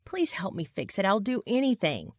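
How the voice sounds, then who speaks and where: A woman's voice: mid-range voice, huge pitch swings, normal speed, no room sound, clean studio sound. A woman doing an emotional young woman friend. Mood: pleading. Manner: emotional, pleading.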